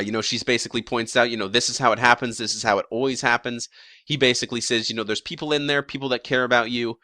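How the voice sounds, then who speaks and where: Bright-voiced young man rambling casually. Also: mid-range voice, no echo, studio quality. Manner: rambling, many fillers and restarts; casual with some swearing. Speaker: YouTube show commentator. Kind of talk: casual episode prediction vlog.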